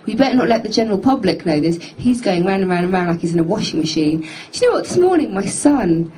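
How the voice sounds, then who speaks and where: Woman in her 30s just rambling on in a studio, warm mellow tone, bit of room hiss. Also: medium pitch, poor audio. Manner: rambling, chatty, self-mocking. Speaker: singer hosting a live stream chat. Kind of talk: casual chat. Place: music studio.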